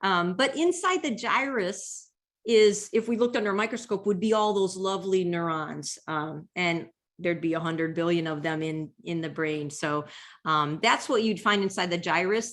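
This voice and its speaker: A woman lecturing on brain anatomy over slides, explaining step by step in a patient way with frequent ums. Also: mid-range voice. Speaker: neuroscience lecturer. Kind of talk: slide-based health lecture.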